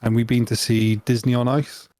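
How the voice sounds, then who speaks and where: A man chats on a podcast in a mid-pitched voice, dropping teasing jokes into his co-host's stories. The sound is dry and close to the mic. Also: level tone, normal speed, warm tone, dry recording. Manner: joking, teasing interjections. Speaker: podcast co-host. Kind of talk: casual banter.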